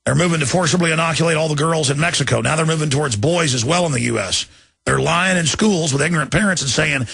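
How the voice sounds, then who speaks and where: Gravelly, forceful male talk radio host. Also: on the high side, a little fast, no room sound. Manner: urgent, pleading, indignant ranting. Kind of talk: impassioned talk radio monologue.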